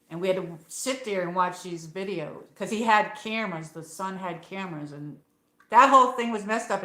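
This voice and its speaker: A woman with an upstate New York accent rambles through a late-night livestream story, casual and unpolished, with plenty of fillers and the occasional swear. Her voice sits at an ordinary pitch and is picked up by a phone in a roomy, echoing space. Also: fairly bright tone. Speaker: livestream host. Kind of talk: casual chat.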